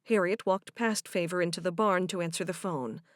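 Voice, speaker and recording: A woman's voice: fairly low pitch, no room sound, studio quality. Woman narrating a romance audiobook. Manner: even, measured storytelling. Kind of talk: scripted narration.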